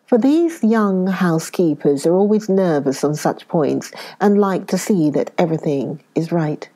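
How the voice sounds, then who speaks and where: A woman with a British accent reads a classic tale aloud. Her voice is mellow and warm, and she takes her time, leaning into each phrase with unhurried emphasis. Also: on the low side. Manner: expressive, slows down for emphasis. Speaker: storyteller. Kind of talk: dramatic reading of a classic story.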